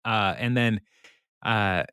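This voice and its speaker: A man's voice: on the low side, takes it slowly, sharp tone, smooth, dry recording, clean studio sound. A man co-hosting a podcast, casually recapping a sitcom episode with lots of fillers and laughter. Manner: rambling with many fillers, laughs often. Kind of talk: casual chat.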